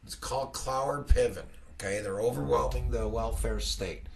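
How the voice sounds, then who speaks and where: Gravelly-voiced man, middle-aged, casual trading teacher; rambling chart talk, constant "okay?" check-ins. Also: mid-range voice, normal speed. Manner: rambling, conversational, peppered with "okay?". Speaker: futures trading educator.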